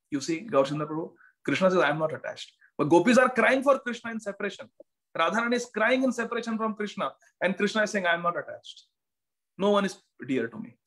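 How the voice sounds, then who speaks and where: A man's voice: fairly high pitch, low-quality recording. Man giving a devotional lecture online. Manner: storytelling, repeats key phrases for emphasis. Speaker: guest speaker giving a devotional class. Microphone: online video call.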